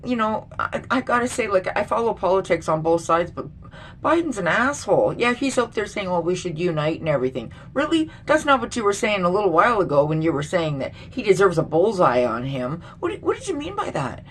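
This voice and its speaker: A middle-aged woman vlogger with a mid-range voice rants in a casual commentary, blunt, indignant and swearing a lot. She's very animated and talks fairly quickly. There's a little hiss or hum on the recording.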